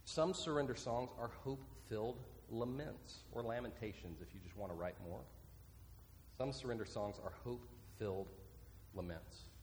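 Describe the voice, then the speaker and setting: A man preaching a sermon as pastor, earnest and repeating his key points slowly so listeners can write them down. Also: mid-range voice, a little mellow, a little hiss or hum. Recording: long reverb from a large hall.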